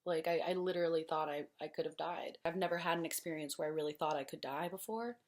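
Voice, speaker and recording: A woman's voice: low voice, fast. A young woman vlogger telling a personal story in an emotional, rambling way, full of fillers and swearing.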